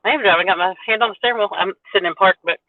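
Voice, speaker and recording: A woman's voice: medium pitch, no echo. A woman chatting on a live stream in a teasing, chatty way, calling in by phone from her parked car at a lake. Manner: chatty, teasing, quick to laugh. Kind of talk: casual live-stream chat. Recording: tinny phone-line audio.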